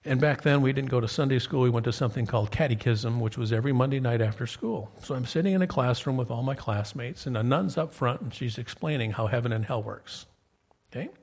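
A man's voice: medium pitch, fast talker, gravelly, a little mellow, breathy edge. A man in his fifties preaching a sermon, telling stories in a conversational way and often checking in with "okay?". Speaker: pastor.

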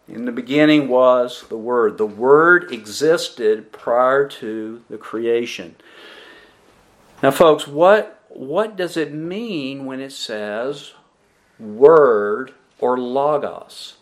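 A man preaching a sermon as a pastor, slow and deliberate, asking the congregation questions and answering them himself, with emphatic pauses on key words. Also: mid-range voice, lively intonation. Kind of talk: expository sermon.

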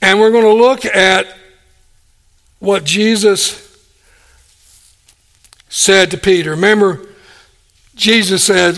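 A man preaching a sermon, animated, acting out the people he quotes and chuckling between points. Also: sits high, unhurried, creaky, pauses often. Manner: animated, acts out quoted speakers.

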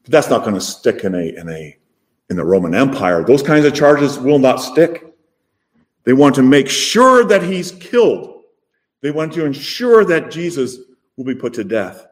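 A man preaching a sermon, emphatic and full of rhetorical questions, with his voice rising and falling in loudness. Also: mid-range voice, big pitch swings, normal speed.

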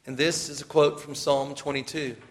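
A man's voice: fairly high pitch, flat delivery, normal speed, long reverb tail. A man preaching a sermon, reading scripture aloud and lifting his voice for the emphasized passages. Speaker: pastor.

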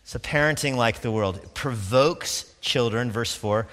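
Pastor, male, conversational sermon delivery, bright and forceful tone, long hall reverb. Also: mid-range voice. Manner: conversational preaching with quick asides and laughs.

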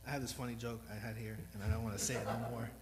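A man's voice: mid-range voice, level tone, very fast, low-quality recording. Man preaching, earnest and rambling, self-deprecating, faint hum behind. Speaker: lay preacher. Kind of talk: sermon.

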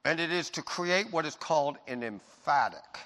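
Man, pastor, sermon, bright forceful voice, loud-to-soft emphasis, long hall reverb. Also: a little high, animated, moderate pace. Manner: swings from loud emphatic preaching to soft intimate reassurance.

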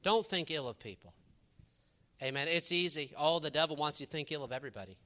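A man preaching a sermon, animated and emphatic, quoting scripture in old-fashioned wording. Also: a little high, fast. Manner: animated, rising to emphatic peaks.

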